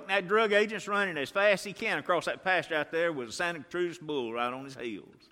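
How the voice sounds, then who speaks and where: A man preaching a sermon, telling folksy stories and swinging from hushed lines to loud ones. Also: mid-range voice, quick pace. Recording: reverberant hall.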